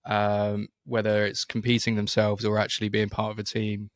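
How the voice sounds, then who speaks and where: A man's voice: on the low side, monotone, normal speed, dry recording, studio quality. A man with a British accent, co-hosting a casual podcast and telling a long story with many fillers and restarts. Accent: British English. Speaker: podcast co-host. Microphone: studio microphone.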